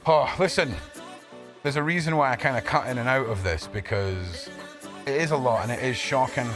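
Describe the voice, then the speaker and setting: He speaks at a moderate pace in a medium-pitched voice, hosting a livestream where he swears freely and welcomes viewers by name. The casual talk has faint music underneath.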